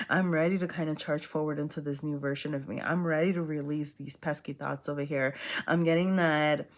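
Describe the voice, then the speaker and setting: Woman tarot reader, low voice, chatty and rambling, giggles at herself. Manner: rambling, laughs at herself, many fillers. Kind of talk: casual tarot reading.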